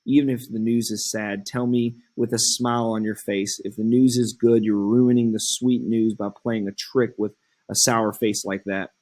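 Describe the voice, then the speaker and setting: Man reading a lovestruck young girl, low voice, slow even reading. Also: close to an everyday voice. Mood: impatient. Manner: reads slowly and evenly from the text. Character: impatient young girl in love. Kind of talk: classroom play reading.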